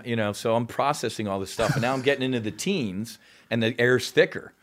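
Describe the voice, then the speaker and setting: A man from New Jersey, a podcast guest, telling a story in casual, animated, profane talk and laughing often. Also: mid-range voice, normal speed.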